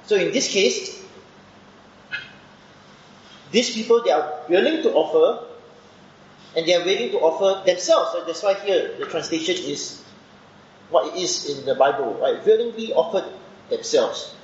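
A man's voice: sits high, measured pace, pauses often. A man preaching a Bible study sermon, explaining step by step and often checking in with a questioning "right?". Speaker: preacher teaching scripture. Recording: echoey room, dull muffled sound with faint background noise.

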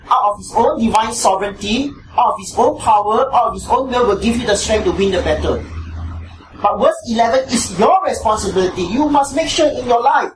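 A preacher with a Singaporean English accent giving an emphatic sermon, repeating key phrases for stress. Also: medium pitch. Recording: echoey room, distant mic, background noise.

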